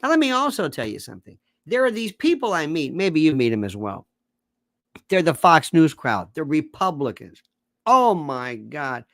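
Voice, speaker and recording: A man delivering an animated, sarcastic political rant as a commentator, mocking his targets with sudden shouts and mutters. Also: on the high side, no room sound, clean studio sound. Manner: sarcastic, mocking, puts on quick voices of others.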